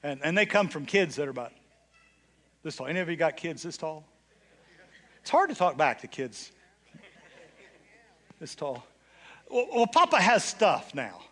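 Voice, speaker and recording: An older man preaching a sermon as bishop, telling a story and swinging between hushed, low passages and loud, excited ones. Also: normal speed, pauses often. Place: church.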